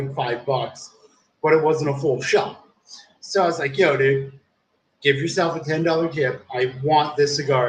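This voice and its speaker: A young man telling a long story in casual, rambling talk, swearing a lot and saying "dude" constantly. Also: mid-range voice. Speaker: live streamer. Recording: echoey room.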